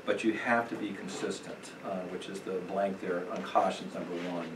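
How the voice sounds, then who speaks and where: A man's voice: deep voice, normal speed. Middle-aged man teaching in an echoey room. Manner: conversational, with lively acted quotes and fillers. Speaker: Bible class teacher. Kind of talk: parenting class lecture. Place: church classroom. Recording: echoey room, distant mic, noisy.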